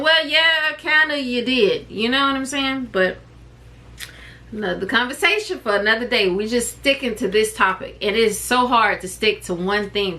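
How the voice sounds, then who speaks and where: A woman vlogger and mother telling a personal story to camera in a chatty, expressive way, wandering off on tangents. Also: mid-range voice.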